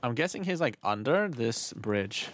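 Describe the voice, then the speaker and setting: A man streaming a game live, chatting casually as he plays, rambling, swearing freely and often clearing his throat. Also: medium pitch, very animated, a little slow, fairly bright tone, slight background noise. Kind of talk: casual live gameplay commentary.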